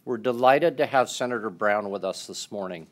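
A man with a fairly low voice opens a public event as moderator. He reads a formal, measured introduction of the guest, polite and orderly. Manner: measured, polite, reading prepared remarks.

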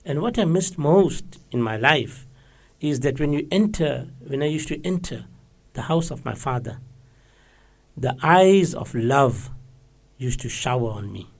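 Older man, interview guest, gravelly, lively pitch, slightly high voice, storytelling. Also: a little slow. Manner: animated, swings between loud exclamations and soft reflection.

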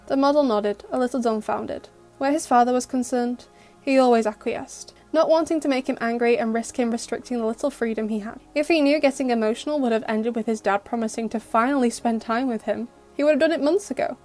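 A woman narrating an audio story in a steady, expressive reading voice. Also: on the high side, fairly quick, faint music behind.

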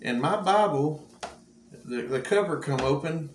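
A man's voice: fairly high pitch, animated, measured pace. A man, a cowboy church preacher telling a folksy testimony with frequent laughs. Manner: folksy storyteller, laughs often. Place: church room. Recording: echoey room with faint hum.

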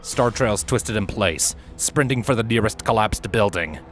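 A man reading fan fiction aloud in a steady, measured audiobook narration. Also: on the low side, loud music behind the voice. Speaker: fanfiction reader.

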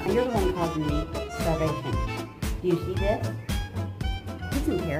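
A woman's voice: lowish voice, lively intonation, moderate pace, pauses often. Woman coaxing a pet parrot. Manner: coaxing, exasperated, talks to the bird in a baby voice. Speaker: parrot owner. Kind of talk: casual chat to a pet parrot. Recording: music playing in the background.

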